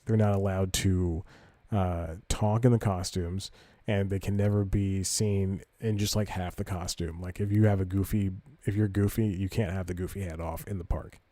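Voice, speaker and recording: Low, mellow man rambling on a podcast. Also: steady tone, normal speed, dry recording. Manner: rambling, self-correcting, reads news aloud. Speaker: podcast host. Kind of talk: casual podcast commentary.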